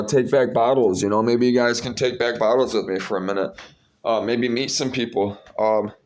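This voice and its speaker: A young man talking to the camera in a casual vlog, preaching and rambling as he repeats words while he searches for the next one. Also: mid-range voice. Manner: gets loud and excited when retelling a story. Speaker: vlogger.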